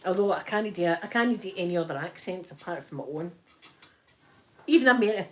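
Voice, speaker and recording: A woman's voice: on the low side, brisk. A Scottish woman from Scotland hosting a casual ASMR live stream from home while ironing, chatty and often laughing as she talks to viewers. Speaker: ASMR livestream host.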